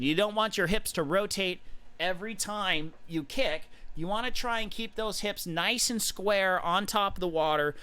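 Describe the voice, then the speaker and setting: Casual swim coach, male, higher register, clear tone, repeats himself and counts beats aloud. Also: bright, forceful tone. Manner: repetitive, demonstrative, counts out beats.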